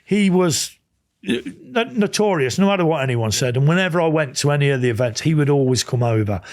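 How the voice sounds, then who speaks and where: A man's voice: on the high side, expressive, brisk. Rambling English man telling stories. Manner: rambling anecdotes, many quoted exchanges, frequent restarts. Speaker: podcast guest. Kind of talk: casual storytelling interview.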